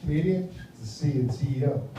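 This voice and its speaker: An American man in his fifties performs a rambling stand-up set at a live comedy venue, his high-leaning voice fast, lively, and mumbled. The recording is very echoey, with his voice distant and faint noise present.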